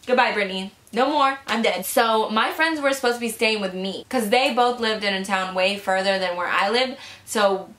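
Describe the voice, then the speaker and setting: A young woman telling a story in casual, animated chat, full of "like" fillers. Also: mid-range voice, moderate pace, hardly any pauses. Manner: chatty, animated, frequent "like" fillers. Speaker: vlogger. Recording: echoey room.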